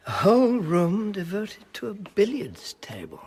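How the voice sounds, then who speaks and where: An actor playing a shrewd, genteel private detective in a radio drama, mild, dry and unhurried. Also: male voice, high-pitched, wildly swooping pitch, darkish tone, slightly rough, full character voice. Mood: probing.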